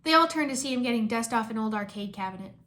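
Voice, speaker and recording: A woman reads a fan fiction story aloud with lively storytelling. Her voice is bright and sits a little high. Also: fast.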